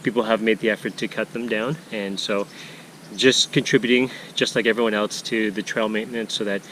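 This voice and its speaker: Out of breath on a forest portage, a man narrates a casual canoe-trip vlog, rambling with lots of fillers and restarts. His voice is fairly low, a bit bright, fairly even in intonation, and a little fast. The audio is poor, with a little hiss or hum.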